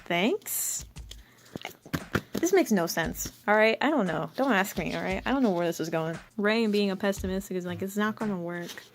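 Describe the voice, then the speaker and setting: A woman's voice: medium pitch, expressive, moderate pace, a little hiss or hum. A young woman rambling through her old comic with self-mocking casual commentary.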